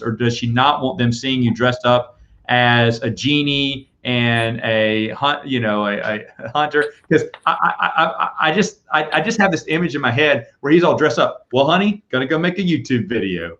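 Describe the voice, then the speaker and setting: A man hosting a casual chat, telling rambling, animated stories. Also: medium pitch, moderate pace. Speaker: podcast host. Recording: dull lo-fi audio.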